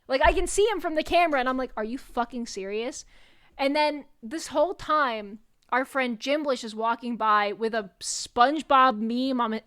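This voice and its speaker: Young woman streamer with a slightly high, smooth voice, telling a story casually, animated and foul-mouthed. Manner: animated, swears freely, rambling asides. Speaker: VTuber streamer.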